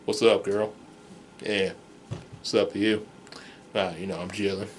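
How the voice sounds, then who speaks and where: A man imitating a deadpan teenage girl in a low, flat, murmured voice. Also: unhurried, slight background noise, natural voice.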